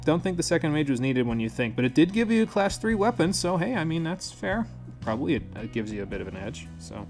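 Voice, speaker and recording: Male game streamer, casual think-aloud commentary, lively pitch, faint music underneath. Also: fast talker. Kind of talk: live gameplay commentary.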